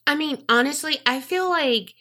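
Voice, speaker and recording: A woman's voice: sits high, moderate pace. A woman co-hosting a casual true crime podcast, reacting with outrage, swearing and acting out quotes. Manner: animated, swears, acts out quotes. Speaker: podcast co-host.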